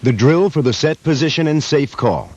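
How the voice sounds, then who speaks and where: A man reading scripted voice-over narration for an instructional video in a measured, even way. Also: on the high side. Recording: lo-fi old video voice-over with loud music.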